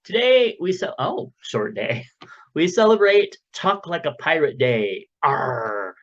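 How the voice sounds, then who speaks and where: Brief: male podcast host, animated pitch, unhurried delivery, muffled lo-fi home mic. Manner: rambling, jokey, lots of fillers. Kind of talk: casual chat. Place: home recording room, window open.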